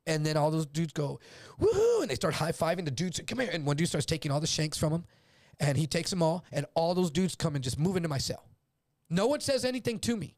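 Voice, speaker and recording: Man, from El Paso, animated storyteller, fry in the voice, dry sound. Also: a little high, fast talker, no echo. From El Paso, Texas. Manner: animated telling, acts out quoted voices, swears freely. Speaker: guest storyteller. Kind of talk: casual storytelling on a livestream.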